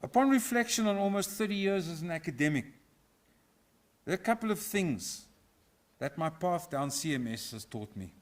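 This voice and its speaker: A middle-aged professor from South Africa, giving a formal inaugural lecture in a measured, reflective way with a touch of humour. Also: male voice, on the high side, expressive. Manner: measured, reflective, lightly humorous. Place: university auditorium.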